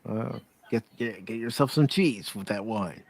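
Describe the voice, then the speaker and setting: A man's voice: on the low side, unhurried, vocal fry, a little hiss or hum. Easygoing man hosting a casual stream. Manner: easygoing, relaxed, restarts often. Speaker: host of a pop culture livestream. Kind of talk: casual chat, reading out viewer votes.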